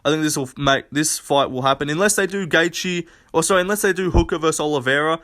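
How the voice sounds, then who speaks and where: A man's voice: fairly high pitch, fast talker, pushed and bright. A young man talking casually on his own channel, giving blunt, profane, rambling predictions full of fillers and restarts. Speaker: MMA commentator. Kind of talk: casual solo prediction rant.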